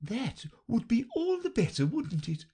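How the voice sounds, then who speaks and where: A flustered old queen from a storybook, vague and melancholy, talking in a high, fluttering voice, as a woman reads her. The voice swoops about a lot and has a faint husk. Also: big pitch swings, a little slow, warm tone, slightly rough, heavily acted.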